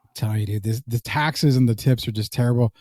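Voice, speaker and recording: A man's voice: mid-range voice, fast talker, a little mellow, no echo, studio quality. A man co-hosting a casual sports podcast, joking and reading live comments aloud. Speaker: podcast co-host.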